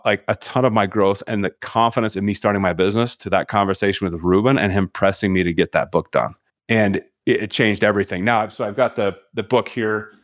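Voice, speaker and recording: A man's voice: low voice, no room sound, studio quality. A middle-aged man, a sales leadership coach, telling a story as a podcast guest and acting out the dialogue with energy.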